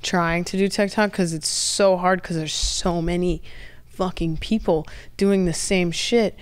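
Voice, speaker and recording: A woman's voice: lowish voice, steady tone, unhurried, clean tone. A woman guest on a podcast in loose, casual chat, swearing freely and saying "like" often.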